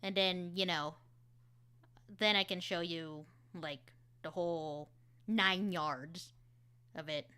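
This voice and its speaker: A woman's voice: lowish voice, steady tone, takes it slowly, long pauses, bright, forceful tone, smooth. A woman voice actor streaming, chatting casually and explaining how she works, with lots of fillers.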